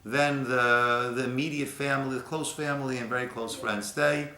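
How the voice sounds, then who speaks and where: Rabbi leading a class, everyday pitch, roomy echoey sound. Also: male voice, steady tone, normal speed. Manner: storytelling, swings from soft to emphatic. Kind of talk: Torah class discussion. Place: synagogue room.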